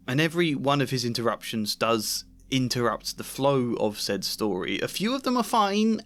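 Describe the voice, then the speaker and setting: A man's voice: mid-range voice, a bit bright. Mildly exasperated male video essayist. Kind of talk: book critique commentary.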